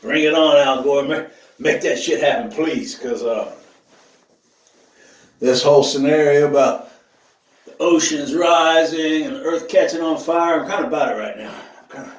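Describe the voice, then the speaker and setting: A man's voice: fairly high pitch, normal speed, distant mic. A man, talking casually to camera in a profane, joking vlog, whooping as he goes. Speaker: vlogger. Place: outdoor shower. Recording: echoey, from off the mic, with running water.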